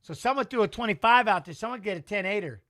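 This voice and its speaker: A man's voice: sits high, expressive, fast, pushed and bright. A middle-aged man giving casual live fight commentary in a rambling, emotional, salty way. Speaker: watch-along commentator.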